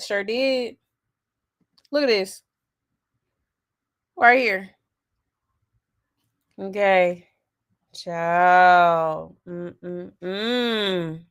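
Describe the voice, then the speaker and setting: Slow, sassy woman gossip host. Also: medium pitch, fairly bright tone, clean tone. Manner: sassy, exasperated, full of asides; reads out viewer comments with laughs. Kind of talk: casual gossip commentary.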